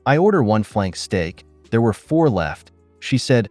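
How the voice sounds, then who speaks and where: A man's voice: lowish voice, sing-song, measured pace, darkish tone, dry recording. A man reading reddit stories aloud as the narrator, voicing every character in his own plain voice. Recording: dry close voice with faint background music.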